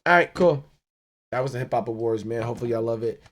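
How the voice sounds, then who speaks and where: A man hosting a solo podcast, ranting in an animated, profane way and laughing often. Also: mid-range voice, quick pace. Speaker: podcast host.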